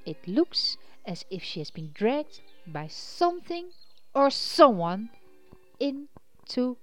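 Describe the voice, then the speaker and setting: A woman voicing a brave, worried man in a children's storybook who calls out loudly. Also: fairly high pitch, big pitch swings, takes it slowly, faint music behind, full character voice. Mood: earnest.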